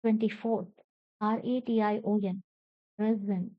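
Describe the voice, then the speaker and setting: A woman's voice: mid-range voice, steady tone, unhurried, no echo. A woman from India with an Indian English accent, teaching English pronunciation by spelling each word letter by letter and then repeating it carefully. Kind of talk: pronunciation lesson. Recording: slightly dull, dry lo-fi recording.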